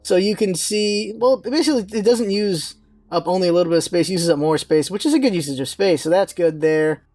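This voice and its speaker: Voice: mid-range voice, a little fast, a little mellow, no room sound. A gaming channel host giving rambling, offhand casual commentary while browsing game menus.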